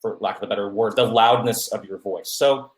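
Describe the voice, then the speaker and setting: A man's voice: fairly low pitch, a little fast. A man hosting a podcast, casually giving public speaking advice and often checking in with "right?". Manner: many fillers and restarts, asks "right?" often. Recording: roomy echo.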